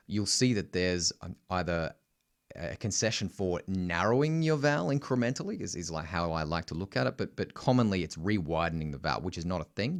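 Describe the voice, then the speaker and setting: A man with an Australian accent, teaching singing in a loose, casual way, full of restarts and filler words. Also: deep voice. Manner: explains in loose spoken asides, with many restarts and filler words. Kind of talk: casual vocal lesson.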